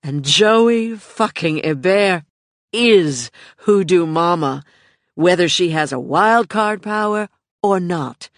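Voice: medium pitch, expressive, slow pace, no room sound, studio quality, pitched above the performer's own voice. Narrator voicing a firm, caring woman. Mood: fierce. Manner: firm, reassuring. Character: caring, blunt woman comforting a friend.

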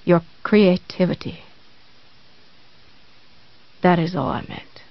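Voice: medium pitch, takes it slowly, creaky, dry recording. A narrator voicing a sweetly menacing obsessive woman. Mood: cloying. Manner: earnest, cloying, prim. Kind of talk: audiobook reading. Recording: dry, slightly dull recording.

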